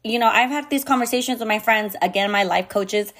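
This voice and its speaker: Her voice runs on the high side, a little fast and fairly bright, as this mother speaks frankly on her podcast. She swears heavily, uses many fillers and mixes in Spanish phrases throughout the casual monologue.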